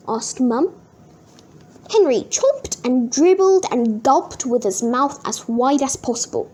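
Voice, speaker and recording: A woman reading a children's book aloud in an expressive, sing-song way. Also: sits high, unhurried, husky. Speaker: storybook reader.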